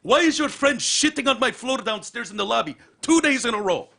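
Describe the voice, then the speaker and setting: A man voicing an irate male hotel manager who barks urgent, clipped demands, pitched well above his own voice. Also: expressive, a little fast, vocal fry, slight background noise, exaggerated voice. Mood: angry. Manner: loud, urgent, clipped commands.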